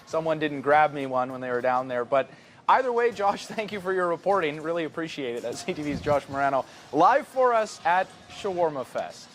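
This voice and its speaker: A man's voice: a little high, lively intonation, brisk, a little hiss or hum. A man anchoring a live TV newscast in a friendly, easygoing manner. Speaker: TV news anchor. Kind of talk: live broadcast banter.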